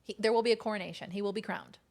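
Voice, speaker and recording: A woman's voice: medium pitch, very fast. A woman streaming a game in casual, chatty commentary, now and then cooing baby talk at her kitten.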